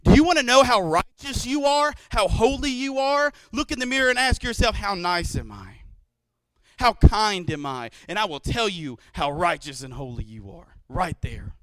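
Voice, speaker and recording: A man in his thirties preaching a sermon in church, telling stories and acting out quotes with lively energy. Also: very high-pitched, moderate pace, hardly any pauses, dry recording. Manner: animated storytelling with acted-out quotes. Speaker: pastor.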